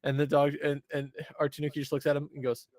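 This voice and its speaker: A man's voice: fairly high pitch, monotone, quick pace, darkish tone, no room sound. A man co-hosting a podcast, recapping an episode casually with many ums and uhs. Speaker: podcast co-host.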